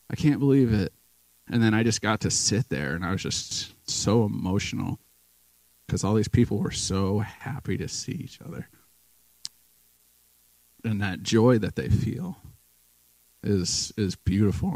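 A man's voice: fairly low pitch, a little mellow, dry recording, poor audio. A man giving a casual, emotional sermon in a church, telling a story with lots of restarts and fillers. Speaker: guest preacher.

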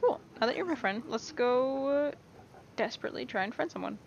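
A woman's voice: high voice, lively intonation, fairly quick, vocal fry. A young woman giving casual, rambling let's-play commentary, playful and often reassuring herself. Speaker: gameplay streamer. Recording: dull lo-fi mic with faint hiss.

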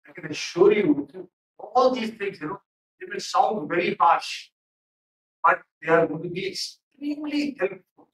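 A man's voice: high-pitched, big pitch swings, measured pace, a bit bright, far from the mic. A man giving stern feedback in a mock interview, with many fillers. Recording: echoey room, off mic.

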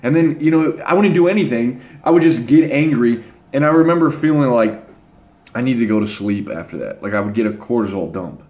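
A man's voice: medium pitch, expressive, a little fast, dull audio. A young man talking casually to his channel's viewers, blunt and rambling, with crude slang. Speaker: channel host. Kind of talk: casual monologue to camera. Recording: echoey room.

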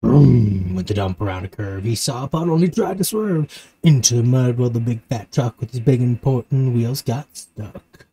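A man reading a rhyming picture book aloud to his child in a rhythmic, expressive way. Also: medium pitch, normal speed, husky. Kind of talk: storybook read-aloud.

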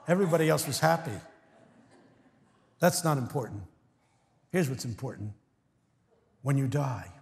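An older American man preaching a sermon, telling stories with sudden swings from hushed words to shouts and acting out voices of his congregation. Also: on the high side, a little hiss or hum. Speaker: guest preacher. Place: large church. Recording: long reverb of a large church hall.

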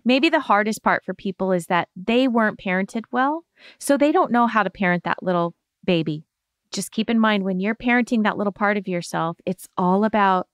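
A woman hosting a self-help show, explaining a healing exercise in a gentle, reassuring coaching tone. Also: medium pitch, moderate pace, clear, resonant tone, dry recording, studio quality. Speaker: podcast host giving therapy advice.

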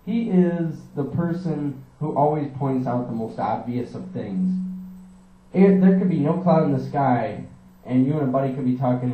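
A young man doing a rambling, energetic stand-up style monologue, talking fast and swearing often. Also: mid-range voice, roomy sound, distant mic, highs cut off, a little hiss or hum. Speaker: comedian.

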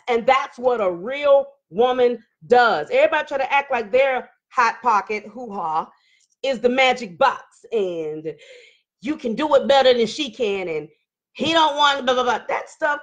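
A middle-aged woman hosting a live online talk show, reading viewer comments and preaching with fired-up energy, hollering at times. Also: on the high side.

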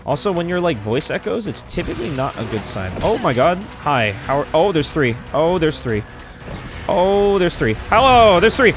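A man doing excitable gameplay commentary, trash-talking and swearing at enemies. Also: fairly high pitch, normal speed. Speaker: let's play streamer. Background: game music.

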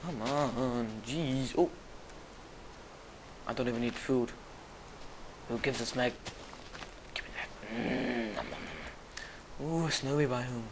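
A young gamer mutters quietly to themselves during gameplay and breaks into loud yells and shrieks at enemies. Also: medium pitch, slow pace, creaky, pauses often, noisy background. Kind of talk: gameplay commentary.

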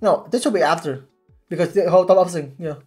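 A man giving casual commentary while watching a series, excitable and halting with many restarts. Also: high-pitched, soft background music. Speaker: YouTube reactor.

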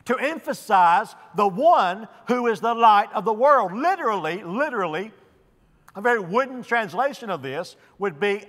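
A man with a high voice preaches in a deliberate, unhurried cadence, stressing single words and letting pauses hang. His voice rings out in a church sanctuary with a long reverb tail. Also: fairly bright tone. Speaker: pastor. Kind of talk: sermon.

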